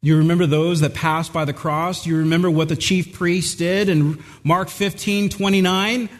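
A man preaching an earnest sermon with a slightly high voice, hammering points home through repetition. His voice rings out in a church with a long, lingering reverb. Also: fairly even intonation, moderate pace. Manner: earnest, emphatic, repeats words for stress. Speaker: pastor.

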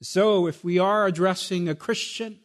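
A man's voice: sits high, steady tone, normal speed. A man pastor preaching a sermon with emphatic rhetorical questions, addressing his congregation as "my beloved.". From Spanish heritage.

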